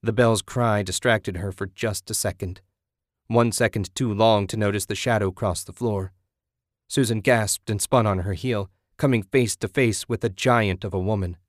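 Low-voiced male horror narrator. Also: no echo, clean studio sound. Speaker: audiobook narrator.

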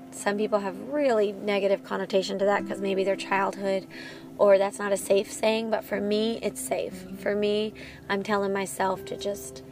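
A woman in her thirties hosting her own podcast as a parent of a child with medical needs, talking candidly and laughing at herself. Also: mid-range voice. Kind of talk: personal podcast monologue.

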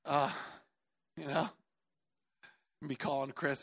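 A middle-aged male pastor preaching, telling a story with loud outbursts and quiet earnest stretches, and joking now and then. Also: a little high, very slow, long pauses. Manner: jokey asides. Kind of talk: sermon.

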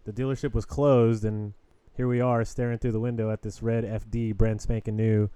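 A man's voice: fairly low pitch, level tone, moderate pace, dark tone, clean tone, no echo. A man hosting a podcast in casual chat, upbeat and jokey, often cutting himself off mid-sentence. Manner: upbeat, jokey, self-interrupting. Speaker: podcast host.

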